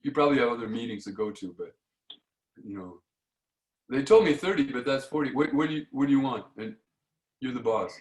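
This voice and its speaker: A man's voice: mid-range voice, expressive, fairly quick, long pauses, roomy sound, low-quality recording. A middle-aged man, a veterinarian, telling jokes and stories on a video call in a folksy, self-deprecating way with many stammered restarts. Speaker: guest speaker, veterinarian and joke writer. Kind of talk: stand-up comedy talk over video call.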